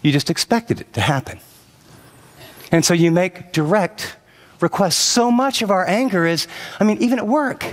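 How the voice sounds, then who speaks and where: A man's voice: high-pitched, animated, normal speed. A man preaching a sermon as a pastor, shifting between personal storytelling and urgent direct address, driving points home with repeated emphatic phrases.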